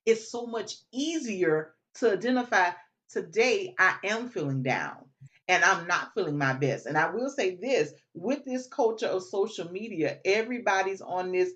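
A woman's voice: lowish voice, expressive, normal speed, fairly bright tone, lo-fi sound. Earnest woman hosting a chat. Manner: earnest, emphatic, reflective. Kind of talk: casual chat.

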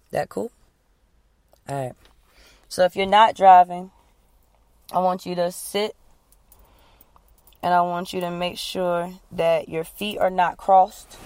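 A woman coach leading listeners through a guided breathing exercise, giving calm, repeated instructions. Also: on the low side, dry recording. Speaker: wellness coach.

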